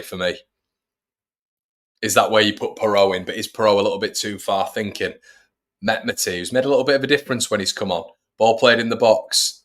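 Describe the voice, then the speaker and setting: The voice is lowish with a fairly bright tone: a man hosting a football fan watch-along for his fan channel. He keeps up chatty live commentary and talks to viewers, greeting them as "everybody".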